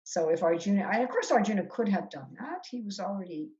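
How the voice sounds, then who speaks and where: A woman's voice: medium pitch, very animated, fast, warm tone. Woman, spiritual teacher leading a discussion; reflective, restarts phrases; slightly muffled video call sound. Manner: thoughtful, repeats and restarts phrases.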